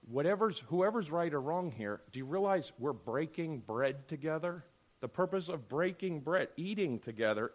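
A middle-aged man teaching a Bible class, sarcastic and acting out the voices he quotes. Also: mid-range voice.

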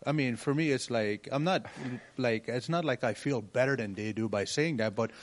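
A man's voice: medium pitch, normal speed. A man in a church class earnestly sharing his views, searching for his words as he goes. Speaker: class member.

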